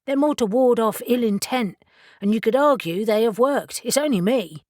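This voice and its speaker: Brief: woman voicing a rumpled English gentleman rogue, genteel and wry, English accent. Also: on the high side, moderate pace, dry recording, studio quality, pitched above the performer's own voice, natural voice. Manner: polite, self-effacing, wry.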